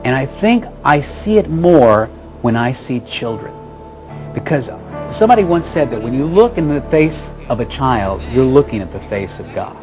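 A man who is a radio host and motivational speaker, telling an inspirational story with heartfelt, animated delivery and acting out the voices of people he met. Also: medium pitch, moderate pace, over music.

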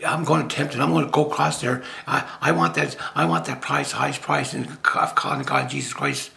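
A man's voice: medium pitch, fairly quick, bright, forceful tone. An older man from Nova Scotia giving an informal spiritual talk as a lay preacher, rambling and jokey with many restarts. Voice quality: gravelly.

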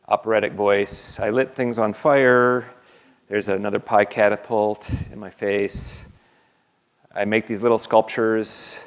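A man, an artist, talking an audience through his slides in a halting way, with many fillers and restarts. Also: fairly low pitch. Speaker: artist giving a lecture. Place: university lecture hall. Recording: long reverb of a lecture hall.

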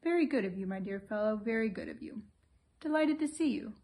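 A woman reading aloud as a fussy old English lord, complaining and plaintive, in a fairly high voice. The grumbling comes in storybook narration without much change from her own tone. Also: moderate pace, a little mellow, close to an everyday voice.

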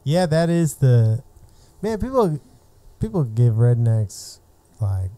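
Male podcast host, easygoing, slow unhurried talk, very dark tone. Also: mid-range voice, very animated, no echo. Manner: laid-back, laughing along. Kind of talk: casual chat.

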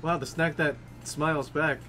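A man's voice: fairly high pitch, level tone, normal speed, background noise. A man co-hosting a group game playthrough with goofy, offhand quips. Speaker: let's play co-host. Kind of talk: casual group game commentary. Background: game music.

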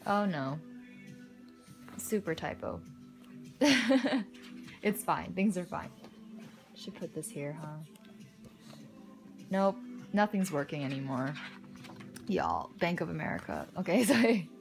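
A young woman casually commenting as she unboxes a photobook, gushing and excitable, with soft muttered asides between her exclamations. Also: lowish voice, slow pace, pauses often, faint music behind. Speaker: unboxing vlogger.

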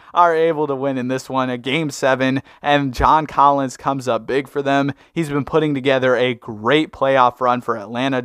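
A young man casually commenting on a basketball video game, laid-back and chatty with sudden excited outbursts. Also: mid-range voice, smooth, no echo, studio quality. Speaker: gaming YouTuber.

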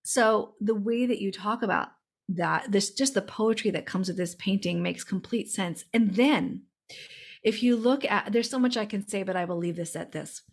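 A woman's voice: mid-range voice, moderate pace, breathy edge. A woman hosting a podcast interview and telling a personal story in an earnest, emotional way. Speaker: podcast host and medium. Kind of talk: casual interview chat.

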